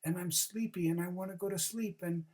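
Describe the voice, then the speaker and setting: A storyteller voicing a sleepy little male rabbit who can only whisper, soft and tired. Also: medium pitch, fairly even intonation, a little fast, distant mic, pitched above the performer's own voice, lightly acted.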